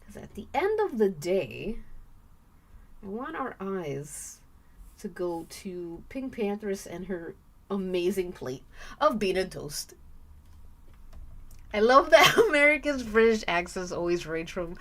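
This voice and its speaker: A woman's voice: mid-range voice, sing-song, slow, pauses often, a bit bright. A woman chatting casually on a live stream while she draws, playful and chatty, thanking viewers and humming little tunes as she works.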